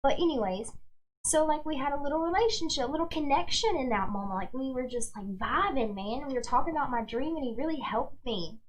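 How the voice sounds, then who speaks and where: Chatty young woman with a higher voice. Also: lively intonation, fairly quick, low-quality recording. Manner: chatty storytelling, full of "like" and "y'all". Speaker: host and tarot reader. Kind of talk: casual livestream chat.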